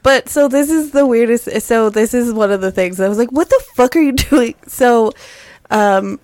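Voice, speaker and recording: A woman's voice: on the high side, moderate pace, darkish tone, dry recording. A woman co-hosting a podcast, telling a story in casual chat, laughing mid-sentence and swearing. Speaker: podcast co-host.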